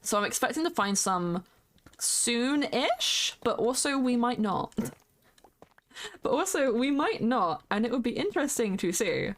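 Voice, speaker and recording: Chatty woman streamer with a higher voice, greets viewers by name mid-game, hums between lines. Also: very animated, a little slow. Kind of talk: casual live-stream chat while playing a game.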